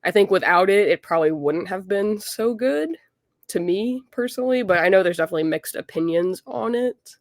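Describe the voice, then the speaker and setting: A woman's voice: medium pitch, animated, fairly quick, dry recording, clean studio sound. A young adult woman, a guest chatting casually and upbeat as a fan, with lots of fillers.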